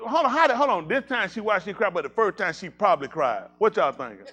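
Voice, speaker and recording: A male pastor banters casually with his congregation, teasing people and breaking into loud exclamations before settling into preaching. His voice sits high, and he is very animated, speaking at a quick pace.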